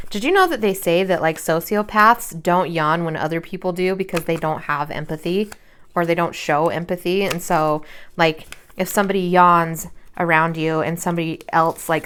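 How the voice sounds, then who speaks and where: Tired mom in her 30s rambling while she crafts at home, lowish voice, faint hiss behind. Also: moderate pace, a bit bright. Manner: rambling and chatty, many "like" fillers. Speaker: crafting vlogger and mother. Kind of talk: casual chat while crafting.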